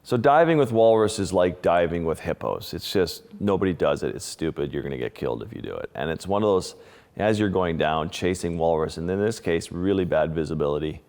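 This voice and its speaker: Canadian man, low voice, relaxed interview storyteller who trips over his own sentences, long room reverb. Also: brisk. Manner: vivid, restless retelling with many restarts and fillers. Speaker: wildlife photographer, interview guest.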